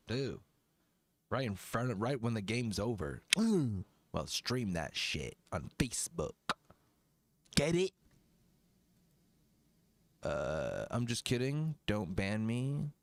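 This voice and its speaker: Dude hosting a music stream, rambly and sweary, laughs a lot, voice bounces all over, slow talker. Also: male voice, lowish voice, no room sound. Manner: rambling, profane, laughs often. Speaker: music review livestream host. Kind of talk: casual livestream rant.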